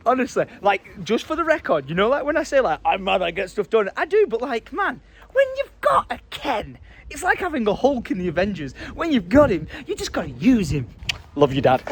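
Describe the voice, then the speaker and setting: A man's voice: sits high, very animated, brisk, slight background noise. A young man with a Northern English accent chatting playfully in a vlog, laughing often. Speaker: vlogger. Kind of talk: casual vlog chat.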